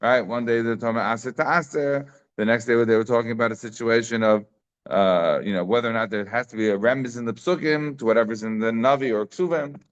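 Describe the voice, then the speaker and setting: A man giving a casual Talmud class, telling the story with animated asides and Hebrew and Aramaic terms mixed into English. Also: medium pitch, quick pace. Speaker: Talmud teacher. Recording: slightly dull lo-fi audio.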